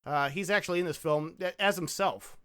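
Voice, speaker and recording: A man's voice: on the high side, fairly quick, crowd noise. A man hosting a casual comedy movie podcast, reading his notes and cracking crude jokes. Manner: joking, crude, reads from notes. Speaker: podcast host.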